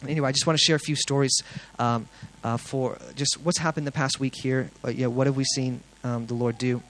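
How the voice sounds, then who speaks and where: A young man sharing a testimony with a congregation, telling his story earnestly and excitedly, with plenty of fillers and restarts. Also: mid-range voice, a little fast, a little hiss or hum, poor audio.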